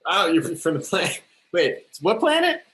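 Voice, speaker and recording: A man's voice: high voice, sing-song, moderate pace, reverberant, noisy background. A man playing a rambling space interviewer. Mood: awkward. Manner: rambling, tosses in "all right?" and "okay?". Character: rambling male space-station interviewer, fussy and awkward. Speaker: host of the sketch. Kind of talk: live improv comedy.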